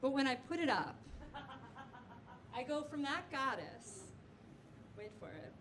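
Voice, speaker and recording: A woman doing a stand-up comedy set in a club, chatting quickly with the crowd in quick asides. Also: sits high, very animated, fairly bright tone. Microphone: handheld stage mic. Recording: noisy live club recording.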